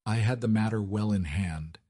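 A man reading the lines of a calm young duchess, speaking in a clipped, cutting way. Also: lowish voice, moderate pace, no echo, studio quality, natural voice. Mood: soft. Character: cool, composed young duchess.

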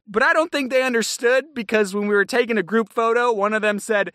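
A man narrating a comedic scripted story with jokey, deadpan asides. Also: very high voice, a little fast, no echo, studio quality. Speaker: animation storytime creator.

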